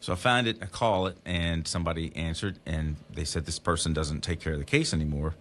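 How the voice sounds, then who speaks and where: A man's voice: very deep voice, fairly even intonation, a little fast, fairly bright tone, slight background noise. A man guest on a podcast, telling his story casually and acting out the voices of the people in it.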